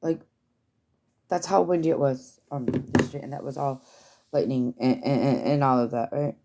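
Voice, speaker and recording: A woman with a notably low, gravelly voice chats casually to her stream viewers. She rambles loosely, swears freely and fills her talk with ums and likes. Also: normal speed, dark tone, slight background noise. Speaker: livestreamer. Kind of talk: casual livestream chat.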